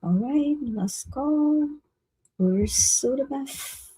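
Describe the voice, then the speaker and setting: A woman's voice: high-pitched, lively intonation, extremely slow, warm tone, no room sound, low-quality recording. A woman co-hosting a live psychic reading stream, easygoing and laughing often as she calls out names in casual chat. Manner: giggly and easygoing, laughing often between phrases.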